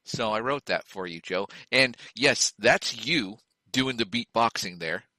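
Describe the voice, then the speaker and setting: A man co-hosting a podcast, chatting casually in an animated way and jumping between thoughts. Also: on the low side, measured pace, rough recording. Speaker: podcast co-host.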